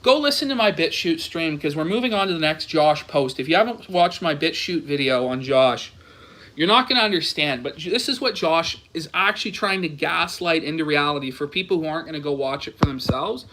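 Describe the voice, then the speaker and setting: A man's voice: a little high, expressive, a little fast, bright, forceful tone. A man on his stream, ranting and mocking posts that he reads aloud, swearing heavily. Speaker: streamer host. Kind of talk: angry commentary reading posts aloud.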